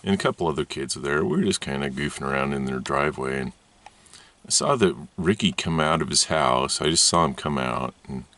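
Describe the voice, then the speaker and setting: A man's voice: a bass voice, fairly quick, pushed and bright. A man telling a rambling personal story from his childhood, laughing often as he talks. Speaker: channel host.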